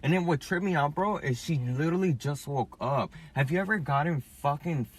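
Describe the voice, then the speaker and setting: A man's voice: a little high, brisk, slight background noise. A young man in a casual podcast chat, rambling through a story, saying "bro" a lot and swearing freely. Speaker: podcast guest telling his story.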